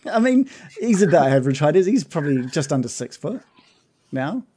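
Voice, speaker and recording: A young man running a tabletop game, narrating scenes in a loose, casual way and chuckling as he goes. His descriptions come out relaxed and conversational. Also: on the high side, normal speed, husky. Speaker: game master.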